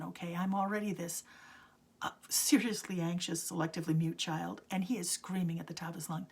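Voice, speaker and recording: Husky older woman telling a hushed story. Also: lowish voice, fairly even intonation, normal speed. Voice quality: husky, gravelly. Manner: drops often into a hushed whisper. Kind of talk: personal storytelling.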